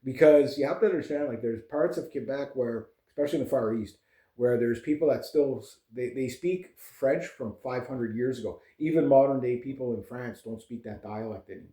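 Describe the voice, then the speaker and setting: A man's voice: mid-range voice, brisk, dark tone. Rambling man in a roomy space. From Canada. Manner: rambling, digressive, many fillers and restarts. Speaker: vlogger and musician. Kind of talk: casual rambling chat.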